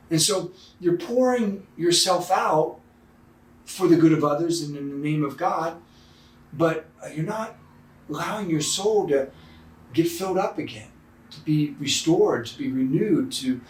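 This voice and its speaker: A man's voice: fairly high pitch, roomy sound, voice pushed up, rough recording. A man voicing a wise humble old woman.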